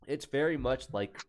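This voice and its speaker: A man co-hosting a casual podcast chat, talking in a laid-back way that drops quiet at the ends of phrases. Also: medium pitch. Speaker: podcast co-host.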